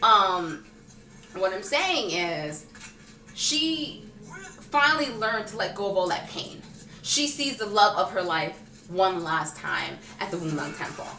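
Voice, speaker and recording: A woman's voice: medium pitch, slow. A woman chatting casually in a film review vlog, acting out characters' lines as she goes. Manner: animated, acts out characters' lines. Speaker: vlogger. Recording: roomy echo, distant mic, faint music.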